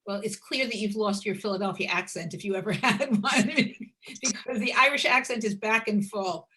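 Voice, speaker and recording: A woman's voice: mid-range voice, moderate pace, pushed and bright. A woman with a New York accent hosting a library author talk over a video call, with short, friendly reactions. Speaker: library event host. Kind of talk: casual interview chat.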